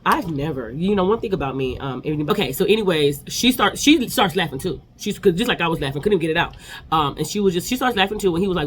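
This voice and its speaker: A woman's voice: lowish voice, animated, fast, slight background noise. A woman in her forties giving a chatty, opinionated casual recap of reality TV episodes.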